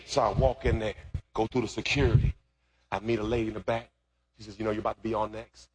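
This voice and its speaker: A male pastor preaching a sermon, moving from relaxed storytelling to loud, fervent, shouted preaching. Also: lowish voice, fast.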